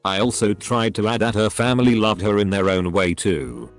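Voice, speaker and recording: A man narrating online posts in a steady read-aloud style, as the regular narrator of the channel. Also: lowish voice, moderate pace, soft background music. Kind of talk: scripted narration.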